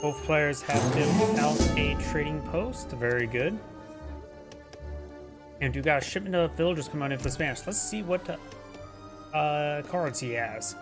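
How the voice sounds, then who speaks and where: A man's voice: on the high side, expressive, measured pace, long pauses, music in the background. A man casually commentating a strategy game replay, rambling and stumbling over unit names. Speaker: game caster.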